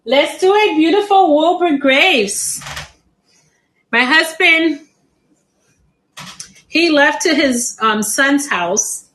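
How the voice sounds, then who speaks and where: A woman's voice: high voice, animated, takes it slowly, pauses often, fairly bright tone, rough recording. A middle-aged woman hosting a live plant sale stream, chatty and laughing often.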